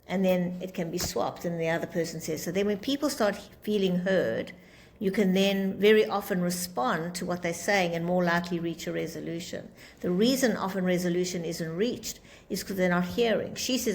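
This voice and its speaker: A woman's voice: lowish voice, a little fast. A woman teaching a class on communication, explaining with acted-out example dialogues. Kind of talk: lecture with group discussion.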